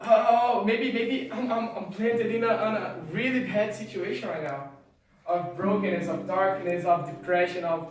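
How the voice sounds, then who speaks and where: High-voiced preacher in an echoing hall. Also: male voice, moderate pace. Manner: passionate, repetitive preaching with rising build-ups. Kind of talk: sermon. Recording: echoey hall, far from mic, music behind.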